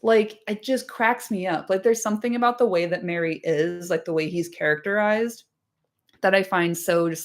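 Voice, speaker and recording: A woman's voice: fairly low pitch, normal speed. A woman hosting a casual livestream chat, chatty and laughing often, with lots of "like" and casual swearing. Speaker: podcast host.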